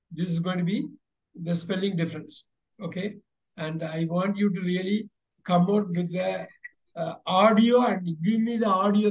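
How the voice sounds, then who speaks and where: An encouraging male teacher, leading an online class. His voice sits high and he keeps repeating his instructions, stopping and starting with fillers. The sound is dull and lo-fi. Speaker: English teacher. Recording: dull lo-fi recording.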